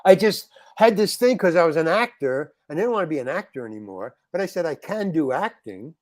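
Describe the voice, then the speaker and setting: A man's voice: a little high, fairly quick, no room sound. A man guest telling a rambling story in a podcast chat, voice sitting a little above the usual male range. He keeps restarting his sentences and jumps into other people's voices as he quotes them. The sound is close and dry, with no room around it. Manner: animated, acts out other people's lines in quotes, frequent restarts. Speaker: interview guest, actor.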